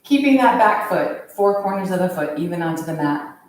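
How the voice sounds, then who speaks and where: A woman leading a yoga class, calmly cueing each pose in time with the breath. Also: lowish voice, moderate pace, a little hiss or hum. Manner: calm, steady cueing of poses with the breath. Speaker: yoga instructor. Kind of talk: guided yoga class instruction. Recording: very echoey room, voice from far off.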